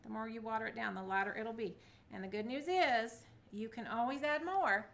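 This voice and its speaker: A woman's voice: on the high side, moderate pace, creaky, a bit bright. A middle-aged woman, chatting through a casual craft tutorial and cheering herself on as she works. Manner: chatty, self-encouraging, talks to viewers. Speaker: craft vlogger.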